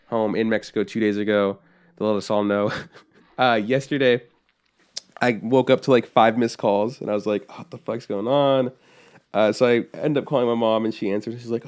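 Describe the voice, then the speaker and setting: A man's voice: fairly low pitch, clear, resonant tone. A young man co-hosting a podcast, telling a rambling, profane story and acting out his family's lines in casual chat. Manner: rambling storyteller, swears freely, acts out family quotes. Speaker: podcast co-host.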